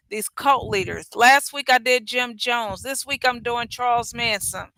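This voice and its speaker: A woman hosts a livestream at an unhurried pace, her voice bright and forward. She jokes, teases her viewers and swears freely. The sound is close and dry, with no room around it. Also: on the high side, no room sound. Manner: blunt, joking, profane, teasing chat. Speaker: livestream host. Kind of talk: casual livestream chat.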